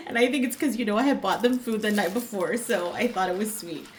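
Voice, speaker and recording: A woman's voice: mid-range voice, fast talker, a little hiss or hum. Chatty rambling woman crafting at home. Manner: rambling, chatty storytelling with many fillers and light laughs. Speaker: crafting vlogger. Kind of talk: casual chat while crafting.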